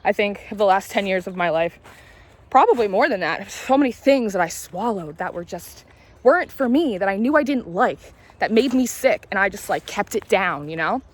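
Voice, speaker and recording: A woman's voice: mid-range voice, expressive, normal speed. A woman in her late twenties telling candid, rambling stories in a casual vlog, confiding and swearing now and then as she walks. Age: late 20s. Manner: talks while walking. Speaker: tarot reader and spiritual vlogger.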